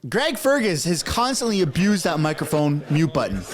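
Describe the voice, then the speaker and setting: A man live-streaming from his basement, reacting to a political video with loud yelling and swearing. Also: on the high side, sing-song, moderate pace, a little hiss or hum. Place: home basement. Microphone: headphones with a desk mic.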